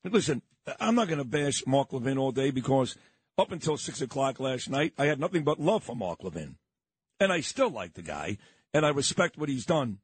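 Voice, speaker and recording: A man's voice: medium pitch, very animated, moderate pace, slightly rough. A man with a New York accent hosting a morning radio talk show, ranting in a combative, indignant way and repeating his points. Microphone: studio microphone.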